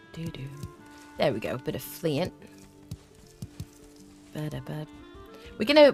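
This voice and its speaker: A young woman streaming a survival game, chatting with her viewers, reading chat aloud and humming little tunes as she plays. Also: deep voice. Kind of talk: live-stream gameplay commentary.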